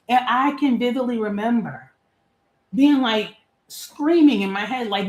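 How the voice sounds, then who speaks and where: A woman's voice: a little high, animated, slow. A woman in her forties talking candidly and chattily about her feelings, with casual slang and frequent laughs. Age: 40s. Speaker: vlogger. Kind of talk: personal reflective monologue. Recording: echoey room.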